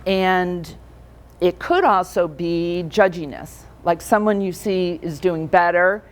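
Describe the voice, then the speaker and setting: A woman's voice: on the low side, slow pace. A middle-aged woman giving a conversational keynote talk to a room of financial advisors, telling stories and putting questions to the audience.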